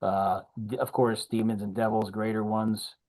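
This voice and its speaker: A man's voice: on the low side, little pitch movement, moderate pace, darkish tone, rough recording. A man in a casual tabletop gaming chat, explaining ideas in a thoughtful, searching way.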